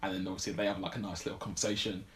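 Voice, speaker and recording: A man's voice: sits low, level tone, very fast, a bit bright. A man casually recapping a film plot on a podcast, rambling with lots of fillers. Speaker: podcast co-host. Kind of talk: casual film review chat.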